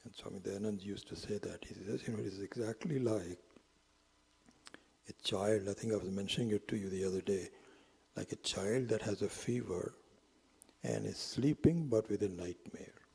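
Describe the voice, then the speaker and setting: A man's voice: lowish voice, normal speed, gravelly, darkish tone, husky, big-room sound. A man giving a storytelling lecture as a spiritual teacher, slipping into whispered asides. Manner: drops into whispered asides, acts out quotes.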